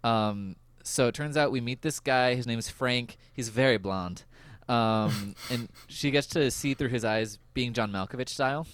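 A male podcast host chatting casually about a TV episode, laughing often and filling pauses with "um.". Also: medium pitch, fairly bright tone, clean tone, no echo. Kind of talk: casual chat recapping a TV episode.

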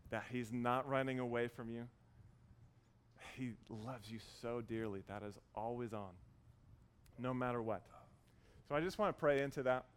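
A man in his thirties preaching a sermon, earnest and warm as he tells a story, with frequent restarts. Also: mid-range voice, moderate pace, long pauses, clean tone. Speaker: pastor.

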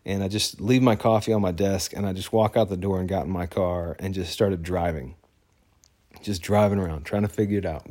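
A man's voice: low-pitched, steady tone, brisk, darkish tone. A man in his thirties casually telling a personal story, rambling with fillers and restarts and laughing at himself now and then. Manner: rambling, many fillers and self-corrections.

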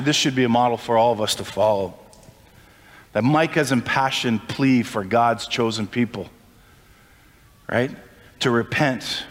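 A man preaching a sermon as pastor, impassioned and climbing in pitch when he stresses a point. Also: big-room sound. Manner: impassioned, rising pitch on emphasis.

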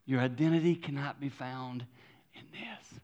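A man preaching a sermon as pastor, animated and acting out voices. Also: mid-range voice, moderate pace, muffled recording.

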